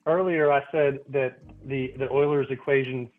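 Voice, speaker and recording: A man's voice: medium pitch, steady tone, normal speed. A man from Texas calling in to a show, chatty, easygoing and a bit nerdy. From Beaumont, Texas. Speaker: caller. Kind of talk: casual call-in chat. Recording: tinny phone line.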